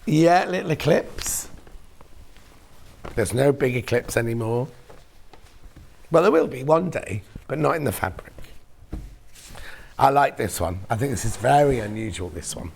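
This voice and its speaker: A man's voice: medium pitch, lively intonation, measured pace, gravelly, long pauses, darkish tone. A man presenting fabrics on a shopping channel in casual on-air chat, reading viewer messages aloud. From United Kingdom.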